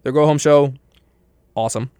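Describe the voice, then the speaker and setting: A man's voice: on the high side, normal speed, smooth, no echo. A young man co-hosting a casual wrestling podcast, telling stories with lots of laughs and quoted lines. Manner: excitable storyteller, laughs often, quotes wrestlers. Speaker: podcast co-host.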